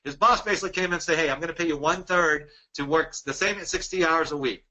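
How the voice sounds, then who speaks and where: A man from Dallas presenting a sales webinar, energetic and persuasive, firing off rhetorical questions. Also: on the high side, fast, poor audio. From Dallas, Texas.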